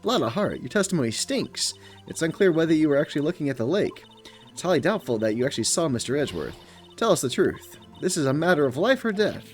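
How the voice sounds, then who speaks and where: A man's voice: on the high side, sing-song, fast, faint music behind. A man voicing an earnest young defense lawyer who presses his questions.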